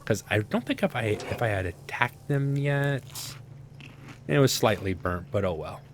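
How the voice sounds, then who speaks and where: A man's voice: lowish voice, animated, a little slow, slight background noise. A man casually commenting on his own survival gameplay, rambling to himself with sarcastic asides. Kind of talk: casual let's-play commentary.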